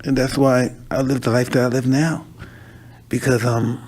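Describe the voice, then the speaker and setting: A man's voice: medium pitch, level tone, moderate pace, darkish tone, slight background noise. A man hosting a conversation, talking intensely and emotionally, repeating himself and swearing, at times crying. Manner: intense, emotional, repetitive, profane. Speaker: podcast host.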